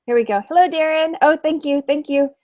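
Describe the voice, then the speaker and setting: High-pitched and brisk with a darkish tone, this Texas woman runs a livestream as an online reseller. She keeps things chatty and casual, laughing frequently as she reads viewer comments out.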